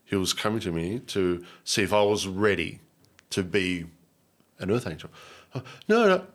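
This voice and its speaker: Husky low-voiced Australian man. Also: moderate pace. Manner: earnest and animated, repeats words, many restarts. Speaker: guest. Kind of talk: emotional personal storytelling.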